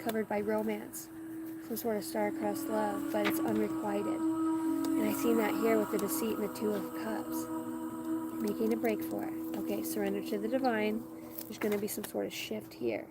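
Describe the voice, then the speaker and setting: A woman giving a rambling live tarot reading outdoors on rural land, stopping to talk to her dogs. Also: mid-range voice. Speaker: tarot reader. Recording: loud outdoor background noise.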